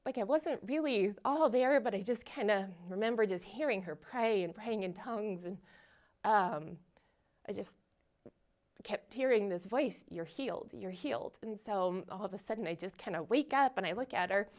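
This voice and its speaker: A woman's voice: mid-range voice, moderate pace, a little mellow. A woman giving a personal faith testimony, earnest and storytelling, with frequent fillers and small laughs. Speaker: guest sharing her testimony.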